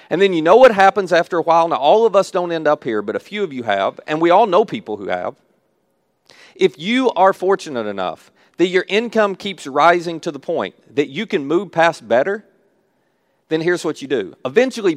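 A man preaching a sermon, telling stories with animated acted-out asides. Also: a little high, no room sound, studio quality. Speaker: pastor.

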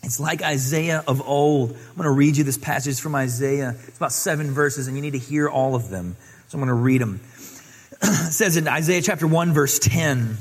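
A man's voice: mid-range voice, normal speed, husky, big-room sound. A man preaching a sermon, reading scripture aloud and exhorting earnestly. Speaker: pastor.

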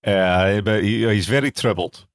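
A man's voice: fairly low pitch, unhurried, no echo. A man, a guest chatting casually and drily about a film. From Netherlands. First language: Dutch. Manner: laid-back, dry, with a gravelly edge. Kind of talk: casual film review chat.

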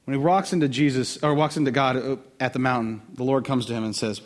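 A man preaching a sermon in a conversational, animated way, with quick asides to the listeners. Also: medium pitch. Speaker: pastor.

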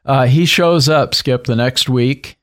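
A man's voice: mid-range voice, slow pace. A man, an author being interviewed, telling a story conversationally and acting out what people said. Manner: animated retelling with acted quotes and laughs. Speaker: author and guest.

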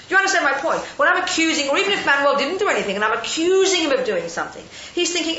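An older woman, a Buddhist nun, giving a lively, chatty talk to a live audience and often asking them questions. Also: high-pitched, racing, few pauses. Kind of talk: casual dharma talk to an audience. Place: hall with an audience. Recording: roomy, lo-fi, faint hiss.

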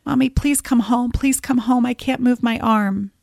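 A woman's voice: fairly high pitch, moderate pace, creaky, darkish tone, dry recording. A frightened little girl begs in a raised, pleading voice, as a woman puts her on. She repeats herself anxiously. The sound is dry and close. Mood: scared, pleading.

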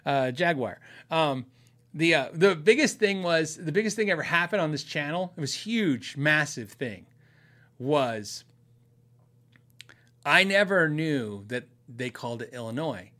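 A middle-aged man from Arizona with a fairly high voice hosts a guitar show in a loose, rambling chat. He chuckles often and trips over his own sentences, circling back to his points. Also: expressive, unhurried, pushed and bright. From Arizona, USA. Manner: rambling, chatty, laughs often, restarts sentences. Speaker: host of a guitar channel and podcast. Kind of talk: casual chat answering viewers.

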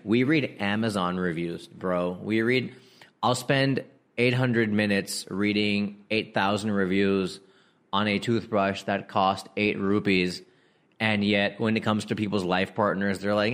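A young man hosting a casual comedic monologue, slangy and animated, who laughs mid-sentence and acts out quoted voices. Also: fairly low pitch, a little slow. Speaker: comedian podcast host.

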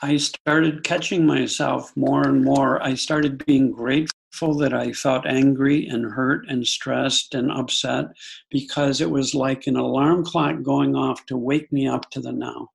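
A man's voice: medium pitch, fairly even intonation, measured pace, gravelly, breathy edge. A middle-aged man, a guest, telling a personal story in an earnest, reflective conversational way, often restarting his sentences.

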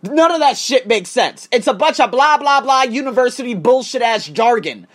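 A man's voice: very high voice, expressive, moderate pace, a bit bright. Heated, profane man ranting animatedly. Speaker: online course instructor and coach. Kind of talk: casual ranting monologue. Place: Thailand.

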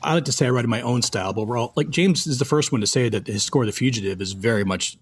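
A man's voice: mid-range voice, quick pace, a little hiss or hum. A middle-aged man from Canada, a film composer, telling stories from his career in a casual interview and acting out the lines of the people in them. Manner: animated, acts out quoted dialogue.

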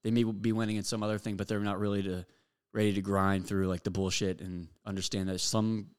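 A man's voice: fairly low pitch, flat delivery, brisk, clear, resonant tone. A young man hosting a podcast, giving a blunt, profane motivational monologue full of fillers. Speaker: podcast host.

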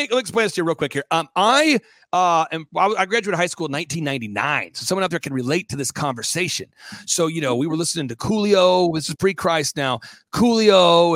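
A high-voiced man in his forties speaks as an interview guest in a dry, close recording. He is rapid and emphatic, packing his points with quips and little acted-out scenes. His energy stays pushed forward throughout. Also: a bit bright, dry recording. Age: 40s. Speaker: guest commentator. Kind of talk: animated interview talk.

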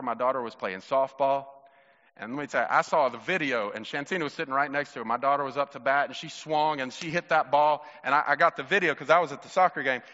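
A man's voice: medium pitch, bright, forceful tone, lo-fi sound. Man preaching in a reverberant hall. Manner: conversational, storytelling, addresses congregation directly. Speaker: pastor. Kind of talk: sermon.

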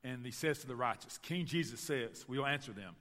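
A man with a Southern US accent from Tennessee, preaching a sermon and telling stories to his church in an animated way. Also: mid-range voice, brisk, big-room sound. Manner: storytelling, animated, addresses the church directly. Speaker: pastor. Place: church sanctuary.

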